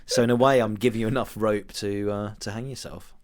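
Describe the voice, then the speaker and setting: A man's voice: fairly low pitch, fairly even intonation, fairly quick. A man co-hosting a casual music podcast, good-natured and self-deprecating, laughing often. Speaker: podcast co-host. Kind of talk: casual banter.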